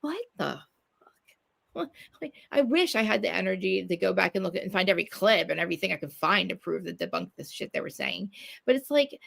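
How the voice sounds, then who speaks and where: A woman's voice: on the low side, expressive, a little fast, vocal fry, fairly bright tone. A woman from New Jersey, ranting in casual chat, swearing a lot and restarting her sentences. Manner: profane, ranting, many restarts.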